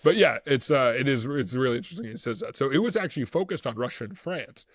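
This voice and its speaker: A man's voice: mid-range voice, expressive, quick pace, dry recording, studio quality. A man co-hosting a casual history podcast, rambling through his notes, stumbling over words and laughing often. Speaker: podcast co-host.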